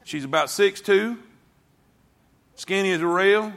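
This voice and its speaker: A pastor delivering a sermon in a bright, forceful, rather high voice. He tells folksy stories to his congregation, dropping to hushed asides and then rising to shouts. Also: measured pace, creaky. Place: church sanctuary before a congregation.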